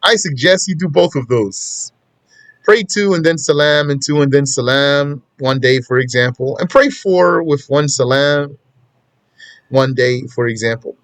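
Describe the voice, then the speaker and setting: A man's voice: on the high side, measured pace, no room sound. Man giving a casual, repetitive religious lesson. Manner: conversational, repeats points for emphasis. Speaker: Islamic teacher.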